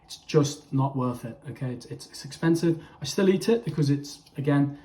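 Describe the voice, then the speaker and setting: A young English fitness vlogger talks straight to camera in a chatty, casual vlog, calling his viewers "boys" and often tagging lines with "okay." His voice is mid-range and warm at a normal speed, recorded in an echoey room.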